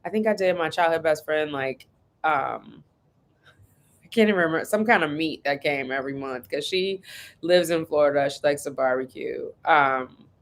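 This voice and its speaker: Woman, lowish voice, chatty live-stream host telling animated stories from home. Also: moderate pace. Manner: chatty, animated storytelling with laughs. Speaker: vlogger hosting a live stream. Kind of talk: casual live-stream chat.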